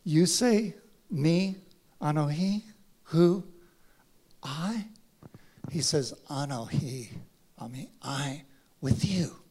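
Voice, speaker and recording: A man preaching a sermon, acting out dialogue in a dramatic voice that drops to a hush and rises to a shout. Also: on the high side, lively intonation, drawn-out words, long pauses, husky. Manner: dramatic, acts out voices, swings from hushed to shouting. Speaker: pastor.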